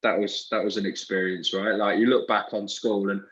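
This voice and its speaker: A man's voice: fairly low pitch, level tone, normal speed, a bit bright, dull audio. A man in his thirties with an English accent, a podcast guest reflecting loosely on school days, full of fillers. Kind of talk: casual chat.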